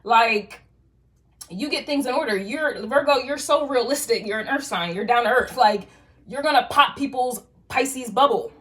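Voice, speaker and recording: A woman's voice: fairly high pitch, normal speed, fairly bright tone. A woman giving a casual tarot reading to viewers, talking in loose streetwise slang with frequent swearing and rambling restarts. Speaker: tarot reader.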